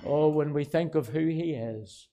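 A man with a Belfast accent preaching a sermon, shifting from quiet asides to loud, emphatic declarations and repeating key phrases. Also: fairly high pitch, unhurried. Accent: Northern Irish, Belfast. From Northern Ireland. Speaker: pastor.

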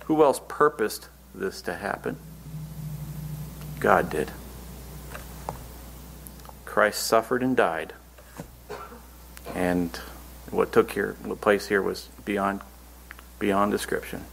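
A man's voice: lowish voice, slow, vocal fry, pauses often, fairly bright tone, a little hiss or hum. A man preaching a Bible-teaching sermon, reading scripture verses aloud and then explaining them in earnest, plain words.

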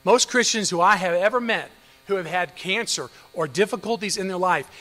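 A male pastor delivering a fervent sermon in a high-pitched, sharp voice. He hammers on rhetorical questions, dips into soft, hushed stretches, and then rises to forceful emphasis. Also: moderate pace, long reverb tail, faint music behind, poor audio. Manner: swings between loud emphasis and low hushed passages.

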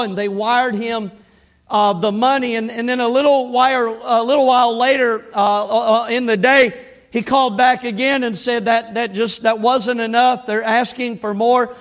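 A preacher delivers his sermon in a conversational tone, with a strikingly high-pitched male voice. He repeats and restarts his phrases as he talks the congregation through scripture and a story. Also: a bit bright.

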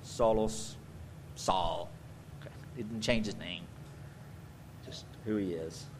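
A man preaching a sermon as pastor, swinging from loud emphatic bursts to quiet conversational asides. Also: lowish voice, moderate pace, background noise.

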